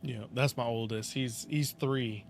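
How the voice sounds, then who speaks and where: A man's voice: medium pitch, steady tone, unhurried, gravelly. A man streaming a game who chats casually with his viewers. He swears and laughs often, and his talk is full of filler words. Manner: laid-back, profane, laughs often, filler-heavy. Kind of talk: casual live-stream chat. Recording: noisy game audio underneath.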